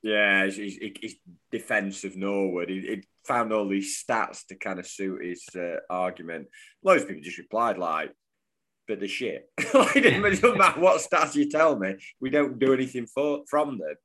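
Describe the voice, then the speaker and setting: A man, co-hosting a podcast in casual chat, quick to tease his partner. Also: lowish voice, animated, bright, forceful tone. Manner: teasing, banter-loving. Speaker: podcast co-host.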